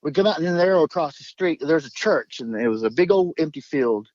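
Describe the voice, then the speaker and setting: A man's voice: a little high, expressive, a little fast, darkish tone, no echo, highs cut off. A man telling his story in a rambling, emphatic way, swearing and jumping between thoughts. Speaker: guest recounting an encounter.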